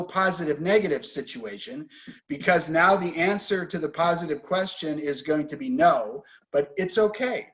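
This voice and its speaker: A man's voice: high-pitched, poor audio. A man teaching an English class, patiently explaining word stress and pronunciation.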